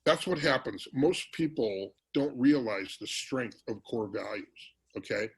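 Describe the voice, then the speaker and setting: A man presenting a business workshop in a virtual meeting, energetic and teasing, calling on audience members by name. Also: mid-range voice, unhurried, breathy edge, rough recording.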